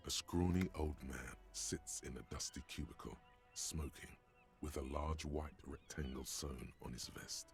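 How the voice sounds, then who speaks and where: A very deep, gravelly male narrator voice, stern and commanding, as a man puts it on while reading a game aloud. Game music hums faintly underneath. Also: unhurried, exaggerated voice.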